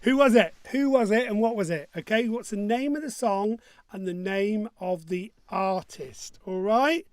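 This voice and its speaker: Jokey high-voiced quiz host. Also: male voice, unhurried, dry recording. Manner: jokey and upbeat, hums his own jingles. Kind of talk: online pub quiz hosting.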